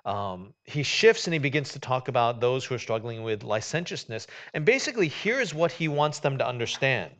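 A man's voice: medium pitch, very animated, moderate pace, few pauses, fairly bright tone. A man preaching a sermon in a conversational way, with many fillers and restarts. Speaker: pastor.

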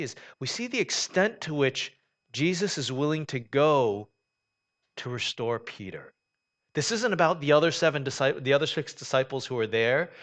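A man delivers a sermon in a relaxed, conversational way, like he's talking with the congregation. His voice sits at a middle pitch and moves between soft, low stretches and firmer, emphatic lines. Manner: conversational preaching, swings from quiet to emphatic. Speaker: pastor.

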